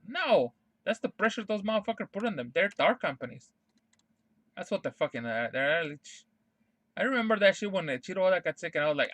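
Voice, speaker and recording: A man's voice: sits high, very animated, quick pace, a bit bright, no echo. A man streaming a casual ranting monologue, profane and emphatic, repeating his points over and over.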